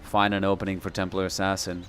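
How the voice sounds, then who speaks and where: A man's voice: low voice, monotone, quick pace, background noise. A man casting a video game match live, calling plays and joking casually between them. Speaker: esports caster. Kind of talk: live play-by-play commentary.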